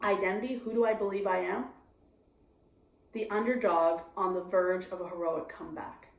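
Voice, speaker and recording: A woman's voice: medium pitch, moderate pace, creaky. Confessional woman comedian, echoey room. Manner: confessional, animated, acts out her own inner voice. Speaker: stand-up comedian guest. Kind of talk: candid interview conversation.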